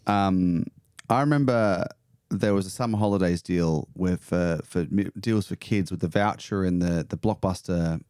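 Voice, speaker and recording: A man's voice: sits low, normal speed, clean tone, no echo, clean studio sound. A young South African man, a podcast guest, telling stories in casual chat, swearing freely and tripping over his words. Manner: swears freely, animated rambling storyteller, stumbles over words.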